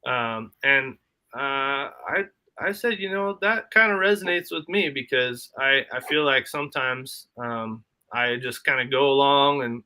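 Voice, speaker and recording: A man's voice: mid-range voice, measured pace, sharp tone. A man hosting a casual live stream from his homestead, chatting in a rambling way and answering his chat aloud. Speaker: livestream host. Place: home, homestead.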